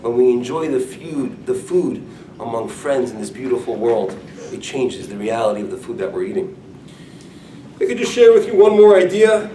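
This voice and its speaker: A man's voice: medium pitch, sing-song, normal speed, noisy background. A man, a rabbi, giving an informal talk to a group, telling stories with animation and humor. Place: room with curtains. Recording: echoey room, mic from far off.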